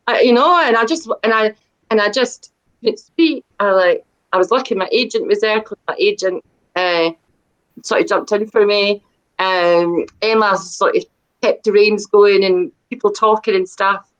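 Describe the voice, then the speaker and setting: A middle-aged woman chats as a debut author guest on a video call. She talks in a loose, rambling way, full of fillers and restarts, and keeps playing herself down. Her pitch sits in the middle for a woman. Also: normal speed, a bit bright, low-quality recording. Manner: chatty and self-deprecating, many fillers and restarts. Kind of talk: casual interview chat.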